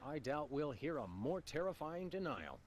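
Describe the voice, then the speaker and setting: A man voicing a dry, deadpan dog detective in a comedy adventure game. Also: fairly high pitch, moderate pace, heavy background noise. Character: deadpan anthropomorphic dog detective, adult male.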